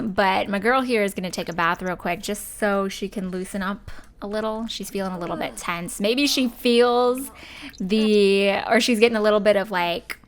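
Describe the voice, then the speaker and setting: A young woman hosting a let's play, chatting casually as she plays and voicing her game characters in quick asides. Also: mid-range voice, fairly even intonation, clear, resonant tone. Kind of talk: casual gameplay commentary.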